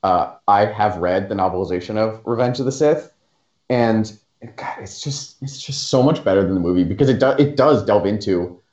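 A man's voice: on the low side, moderate pace, darkish tone. A man co-hosting a casual podcast, wry and joking. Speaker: podcast co-host. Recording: echoey, dull lo-fi audio.

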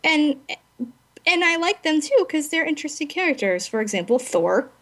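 A woman's voice: high-pitched, very animated, moderate pace, a bit bright. A woman co-hosting a podcast, chatting casually and ranting bluntly with frequent laughs. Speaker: podcast co-host.

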